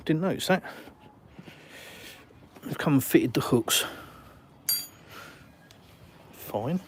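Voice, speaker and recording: This Englishman's medium-pitched voice comes with a little hiss or hum as he live-streams from his phone on an outdoor walk. He reads through viewer comments in a blunt, outspoken way, casually swearing.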